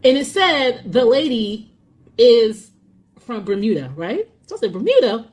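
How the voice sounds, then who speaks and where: A woman's voice: a little high, very animated, measured pace, a little mellow. A woman venting in a reaction clip, exasperated and swearing often.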